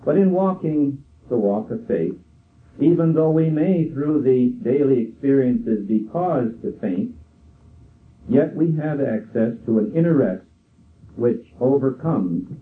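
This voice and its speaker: An older man preaching a sermon in a slow, measured way, quoting scripture. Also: mid-range voice, slight background noise. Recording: tinny phone-like sound from far off.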